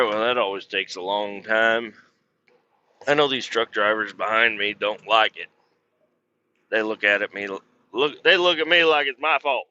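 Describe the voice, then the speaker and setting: A truck driver vlogger talks from inside his cab in a casual, lo-fi video, his mid-range voice carrying a sharp edge. He tells rambling, profane stories while driving, mimicking other people's voices along the way.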